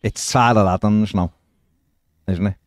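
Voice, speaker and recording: A man's voice: lowish voice, fairly even intonation, measured pace, dry recording, studio quality. A man co-hosting a casual football podcast, chatting loosely and reading out viewer comments. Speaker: podcast co-host.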